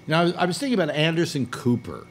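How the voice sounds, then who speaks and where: A man's voice: a little high, racing, slight background noise. An older man hosting a casual conversation, talking in a rambling way, restarting his sentences often. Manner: animated, rambling with many restarts. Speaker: host.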